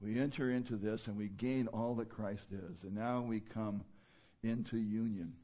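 A man's voice: lowish voice, fairly even intonation, normal speed, warm tone. Man, pastor, conversational sermon, fillers, asks the room questions. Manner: conversational preaching with many fillers and rhetorical questions.

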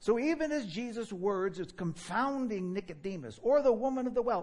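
Husky new york guy preaching, voice jumps all over, kinda high for a man. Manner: animated and fast-talking, with laughter and mock dialogue. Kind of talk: sermon.

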